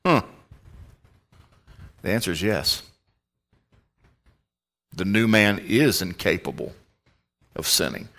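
A man's voice: deep voice, expressive, slow, gravelly, pauses often, fairly bright tone. A man with a Southern American accent preaching a sermon as pastor in a church, folksy and conversational, often quizzing his congregation.

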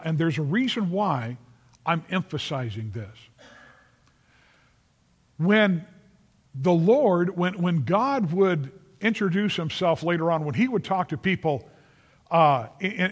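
A man preaching a sermon, earnest and emphatic, repeating phrases for stress and calling on listeners by name. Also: fairly high pitch. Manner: addresses listeners directly by name. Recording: long reverb of a large hall.

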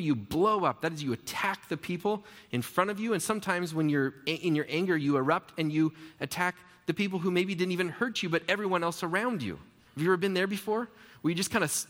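A man's voice: a little high, fairly bright tone, big-room sound. A man preaching a sermon as pastor, earnest and conversational, asking the listeners questions.

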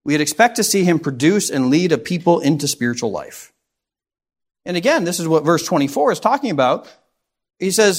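A man preaching a sermon, reading scripture aloud and asking rhetorical questions in an earnest, expository way. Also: sits high.

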